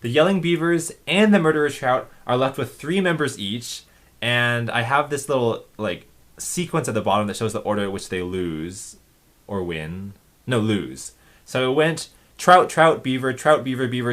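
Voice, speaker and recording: A man's voice: mid-range voice, moderate pace. A man casually commenting on his own comics, chatty with lots of fillers. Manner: chatty, lively, frequent laughs and fillers.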